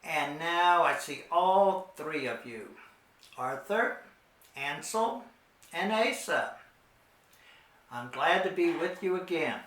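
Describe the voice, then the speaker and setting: A patient middle-aged man leads a children's Spanish lesson, speaking extremely slowly and repeating every word. His voice sits slightly high. The recording has a noticeably echoey room sound. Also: fairly bright tone. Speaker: Spanish teacher. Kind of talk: slow children's language lesson.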